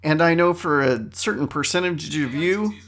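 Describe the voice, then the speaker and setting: Middle-aged man, host, loose conversational monologue, somewhat high voice. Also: animated, normal speed, fairly bright tone. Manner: conversational, rambling, self-correcting. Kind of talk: casual monologue.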